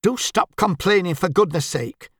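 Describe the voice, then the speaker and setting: A man's voice: high voice, expressive, normal speed, a bit bright, slightly rough, no echo, clean studio sound, heavily acted. A man voicing a bossy, fussy middle-aged wife who scolds in a prim, censorious way. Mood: scolding.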